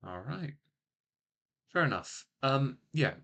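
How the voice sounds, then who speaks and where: Speaking from a small home office into a laptop microphone, a man hosts a relaxed live stream, rambling, filling his speech with fillers, and teasing his co-host. His medium-pitched voice has lively intonation and a bright, forceful tone, and he talks a little slowly.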